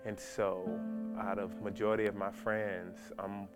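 Man, church member, from Virginia, testimony, very low flat voice, guitar music behind. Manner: reflective, unhurried, with fillers. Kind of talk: personal testimony.

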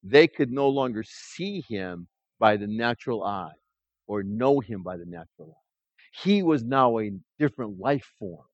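A man preaching a sermon, acting out a story with animated, stammering restarts. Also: medium pitch, measured pace, dry recording, lo-fi sound.

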